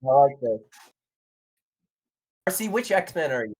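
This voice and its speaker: A man's voice: mid-range voice, big pitch swings, a little slow, a little mellow, husky. A man from Canada chatting playfully on a livestream as a band guest in a robot persona, joking and restarting his sentences. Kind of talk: casual livestream chat.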